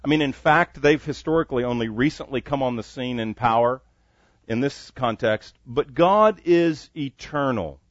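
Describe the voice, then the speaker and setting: A man's voice: mid-range voice, dry recording, lo-fi sound. A man preaching a sermon, reading scripture aloud and pressing each point with earnest emphasis. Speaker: pastor.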